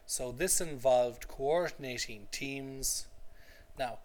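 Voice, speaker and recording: A man's voice: mid-range voice, takes it slowly, a little mellow. Patient male teacher in a classroom. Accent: native English. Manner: patient, repeats phrases, checks understanding with "okay?". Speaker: English teacher.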